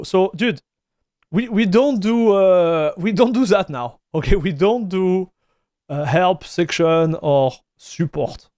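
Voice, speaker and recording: A native French speaker with a French accent chats casually on a live stream, reading viewer messages aloud, answering them, and calling people dude and broski. His voice sits high and a little mellow, he takes things slowly, and the studio-quality sound has no room echo.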